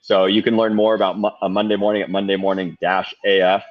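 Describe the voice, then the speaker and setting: Deep-voiced easygoing man on a muffled call. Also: flat delivery, quick pace. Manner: upbeat, easygoing, chatty. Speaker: guest, bottle shop founder. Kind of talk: casual interview chat. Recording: muffled remote call audio.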